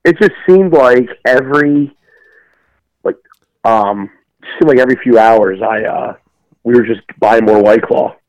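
A man co-hosting a podcast, spinning a long, meandering story in casual chat and scattering "um" and "like" all through it. His voice sits at an ordinary middle pitch. The recording is close and dry, with no room sound. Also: measured pace, long pauses, darkish tone, no echo, dull audio. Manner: rambling storyteller with many fillers. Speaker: podcast co-host.

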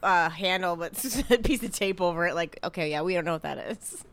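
A woman's voice: fairly low pitch, fairly quick, a bit bright, smooth. A woman co-hosting a podcast, tossing in wry, dry asides while recapping a reality show. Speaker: podcast co-host.

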